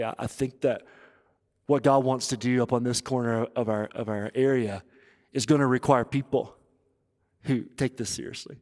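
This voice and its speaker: A man preaching a sermon as pastor, urging and earnest, moving between loud appeals and hushed, intense passages. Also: medium pitch, moderate pace. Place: church auditorium. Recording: long reverb of a large hall.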